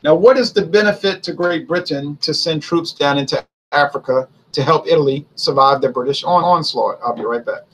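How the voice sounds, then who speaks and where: Male host, husky, informal history commentary, conversational with rhetorical questions. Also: fairly high pitch, a little fast, hardly any pauses, fairly bright tone, poor audio. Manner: conversational, poses and answers his own rhetorical questions. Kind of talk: casual spoken history commentary.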